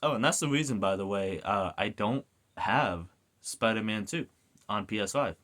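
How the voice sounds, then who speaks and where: A man's voice: on the low side, normal speed. A man giving a casual ranting video review, swearing often and going off on tangents. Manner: animated, swears a lot, goes off on rants.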